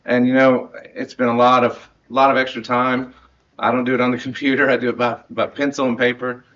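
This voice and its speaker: A man's voice: mid-range voice, little pitch movement, brisk, fairly bright tone, muffled recording. A man in his thirties, a marching band director, giving a heartfelt end-of-season speech to his students, earnest and rambling with laughs and restarts.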